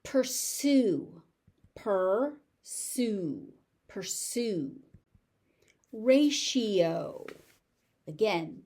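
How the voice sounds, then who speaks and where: A woman with a General American accent teaching pronunciation, repeating each word slowly before explaining its sounds and stress. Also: fairly low pitch, a little mellow. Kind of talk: slow, deliberate pronunciation drill.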